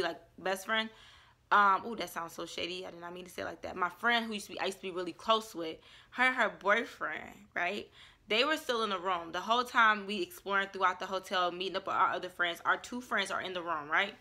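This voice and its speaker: A young woman telling a casual story-time vlog in an animated, chatty way, full of "like". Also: mid-range voice. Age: young adult. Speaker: vlogger.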